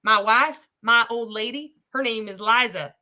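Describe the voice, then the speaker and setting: A woman's voice: fairly high pitch, unhurried, pushed and bright. Woman mocking a crusty old prospector man. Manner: mocking drawl, calls people son and partner.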